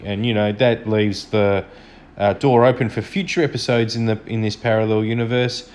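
A man's voice: lowish voice, normal speed, darkish tone. A man hosting a solo podcast, chatting enthusiastically and a little self-deprecatingly as he reviews an episode from home. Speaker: podcast host. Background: dog snoring.

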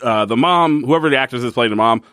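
A man's voice: medium pitch, fast talker, dry recording, clean studio sound. A man co-hosting a casual TV recap podcast, swearing freely and acting out characters' lines. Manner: swearing, animated, acts out quotes. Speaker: podcast co-host.

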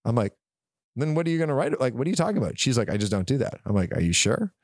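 A man's voice: medium pitch, animated, racing, darkish tone, no echo, clean studio sound. A young man, co-hosting a podcast, telling a long story in a rambling way, laughing as he acts out quoted dialogue. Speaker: podcast co-host. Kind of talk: casual chat, animated storytelling.

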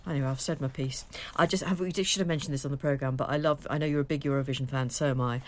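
A woman co-hosting a chat podcast, talking in a wry, brisk way. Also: a bass voice, fairly even intonation, a little mellow. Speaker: co-host. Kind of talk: casual chat.

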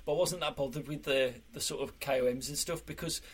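Husky-voiced podcast host. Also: male voice, medium pitch, fast talker. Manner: easygoing, agreeable interviewer. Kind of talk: casual chat.

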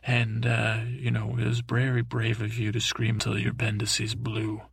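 Man as a timid dim boy prince, rambling comic storyteller, halting restarts, husky rasp. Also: mid-range voice, completely flat delivery, no room sound. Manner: halting, full of restarts and mixed-up names. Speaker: comedic storyteller.

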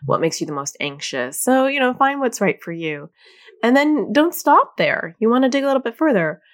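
A middle-aged woman, a therapist hosting a podcast, giving casual advice to parents in an animated, conversational way and laughing at herself. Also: mid-range voice. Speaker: podcast host and child anxiety therapist.

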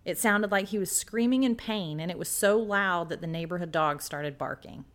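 A woman co-host with a fairly low voice tells a story in a relaxed podcast chat. She leans into it dramatically and acts out what people said. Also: normal speed. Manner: dramatic storyteller acting out quotes.

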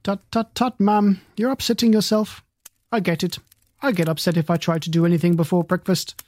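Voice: mid-range voice, steady tone, brisk, darkish tone, no echo, natural voice. A narrator voicing a flustered, portly, bald older man who keeps the stars, talking in a fussy, polite way with fancy words.

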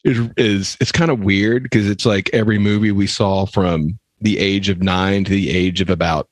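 A somewhat low-voiced American man co-hosting a comedy news podcast. He talks in a wry, teasing way. The sound is close and dry. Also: fairly even intonation, normal speed, dry recording. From United States. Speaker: podcast co-host. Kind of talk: comic news podcast chat.

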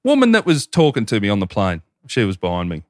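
A man's voice: on the low side, quick pace, no echo, clean studio sound. Profane man spinning yarns. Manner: crude, profane anecdote-telling with lively put-on quotes. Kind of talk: casual chat, storytelling.

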